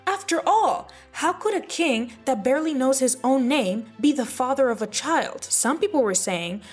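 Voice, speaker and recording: A woman's voice: high-pitched, animated, measured pace, soft background music. A woman host telling history in a casual, gossipy way, full of sassy, playful asides. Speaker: history vlogger. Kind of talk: casual chatty storytelling.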